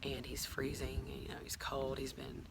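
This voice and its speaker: A woman's voice: rumbling low, monotone, normal speed, gravelly, background noise. A woman telling her own story to a phone camera at home, rambling with many fillers and asides. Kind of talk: casual personal storytelling. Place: at home, filming herself on a phone.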